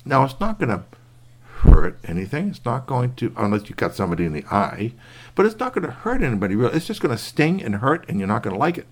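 A man telling a bedtime story to a child, animated, with sound effects and asides to the listener. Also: mid-range voice, fast.

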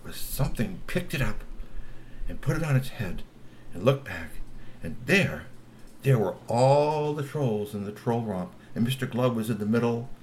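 A man's voice: mid-range voice, animated, moderate pace, a little hiss or hum. A man telling a long story with exclamations, laughing asides and repeated words. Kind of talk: animated oral storytelling.

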